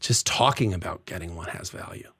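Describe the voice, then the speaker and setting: A middle-aged man talking as a podcast guest in casual chat, animated and profane, acting out the voices he quotes. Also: low-pitched, a little fast, breathy edge. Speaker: podcast guest, divorce lawyer. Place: tent.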